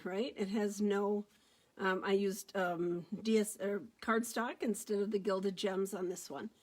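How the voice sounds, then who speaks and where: A woman's voice: mid-range voice, a little mellow. A cheerful, talkative middle-aged woman running a live card-making demo, recorded on a phone. She keeps an easy, upbeat chatter going, greeting viewers by name as she works. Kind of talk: casual live-stream craft demo.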